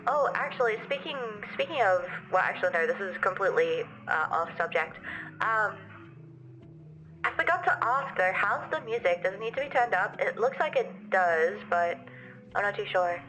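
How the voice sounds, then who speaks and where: A woman's voice: mid-range voice, animated, normal speed, sharp tone, soft background music, poor audio. A young Australian woman streaming as a VTuber, chatting casually and rambling with frequent restarts. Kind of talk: casual livestream chat.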